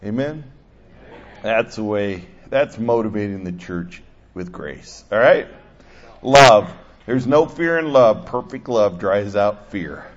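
An older male pastor preaching a sermon, animated, swinging between loud bursts and soft asides. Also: fairly low pitch, takes it slowly. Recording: dull lo-fi sound.

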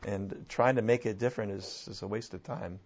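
A man in an animated conversational discussion, often restarting his sentences and laughing. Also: lowish voice, a little fast. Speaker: guest speaker on church and culture. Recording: dull lo-fi sound.

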